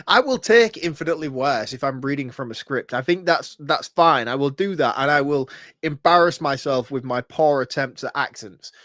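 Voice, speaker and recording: A man's voice: mid-range voice, normal speed, fairly bright tone, dry recording, clean studio sound. A man co-hosting a podcast in casual chat, flustered and self-deprecating, often laughing at himself. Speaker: podcast co-host.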